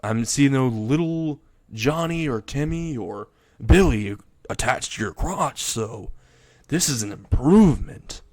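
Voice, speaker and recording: A smug young vampire tosses off mocking quips with total calm, as a man puts him on. His voice sits at an ordinary middle pitch. It is told like a casual fan-story retelling. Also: unhurried, no room sound, studio quality. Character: cocky young male vampire, teasing and unbothered.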